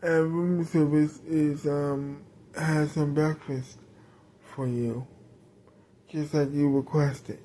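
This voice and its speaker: A woman's voice: low voice, warm tone. A woman improvising a rambling story, with many fillers and restarts.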